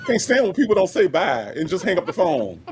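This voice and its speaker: A man joining a casual livestream, loud and teasing, swearing a lot. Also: sits high, big pitch swings, fairly quick, a little hiss or hum.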